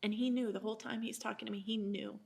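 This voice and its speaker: A young woman sharing a personal faith testimony as a podcast guest, retelling events in an animated way, often quoting people and breaking into laughter. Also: mid-range voice, quick pace, gravelly.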